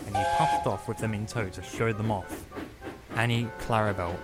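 A man reading a children's story aloud as narrator, in a steady, expressive voice. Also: lowish voice, moderate pace. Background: background music.

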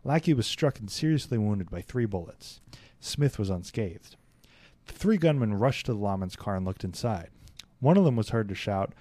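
A man's voice: fairly low pitch, normal speed, dry recording. A young man hosting a podcast, reading a historical account aloud and breaking off for casual, laughing asides. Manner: steady read-aloud with laughing, chatty interjections. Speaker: podcast host.

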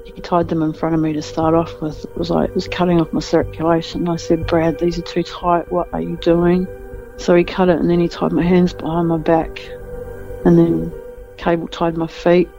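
A woman with an Australian accent giving a halting personal account in a news interview. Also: fairly low pitch, completely flat delivery, vocal fry, mellow. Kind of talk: personal testimony. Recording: dull lo-fi sound with music bed.

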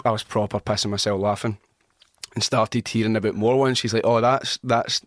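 A man hosting a casual chat, jokey and quick to laugh. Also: fairly low pitch, fairly even intonation, no echo, studio quality. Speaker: podcast host.

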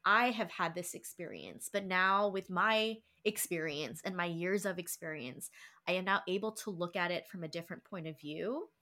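A woman's voice: fairly low pitch, expressive, moderate pace. A young woman hosting a book club chat, reading quotes aloud, laughing and getting emotional as she talks. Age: young adult. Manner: emotional, warm-hearted, laughs often, reads quotes aloud. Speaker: book club podcast host. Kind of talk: casual chat.

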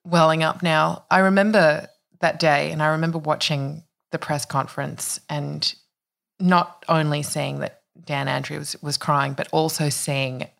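A woman hosts a conversational interview. Her voice is low and gravelly, with a slight fry. She speaks reflectively and at a measured pace. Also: fairly even intonation, a bit bright.

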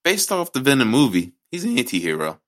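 A man's voice: medium pitch, huge pitch swings, brisk, a bit bright. A man co-hosting a podcast in casual chat, ranting and joking with lots of swearing. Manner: ranting, profane, jokey. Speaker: podcast co-host.

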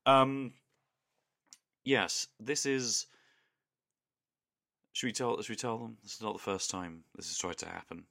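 A man co-hosting a podcast in casual chat, his voice hoarse and croaky after a sore throat, speaking in a flat tone. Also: fairly low pitch, a little slow, pauses often, dry recording, clean studio sound. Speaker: podcast co-host. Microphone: studio podcast mic.

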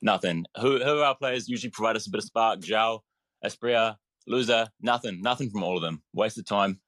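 A man's voice: on the low side, fairly bright tone, dry recording. A man from New Zealand calling in late at night, exasperated about his team and repeating "mate". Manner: fast, exasperated, keeps saying mate. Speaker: caller. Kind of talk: casual phone-in.

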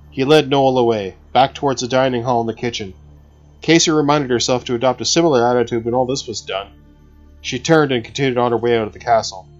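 A man narrating an audiobook in a steady, measured reading. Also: medium pitch. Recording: slightly dull recording with faint music.

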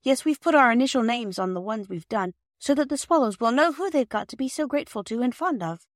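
A woman voicing a bossy, squabbling little girl who talks in a shrill, indignant way. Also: lively intonation, brisk, dry recording, clean studio sound, close to an everyday voice.

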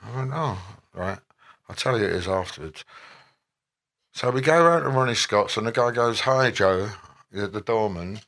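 A man, an interview guest telling rambling, animated anecdotes full of quoted voices. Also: lowish voice, moderate pace, gravelly. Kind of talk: anecdotal storytelling.

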